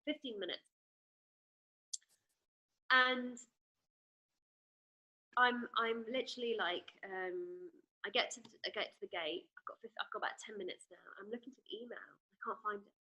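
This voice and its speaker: A woman coach talking as an interview guest, telling a story in an animated way and acting out her own dialogue. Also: on the high side, normal speed, pauses often, rough recording.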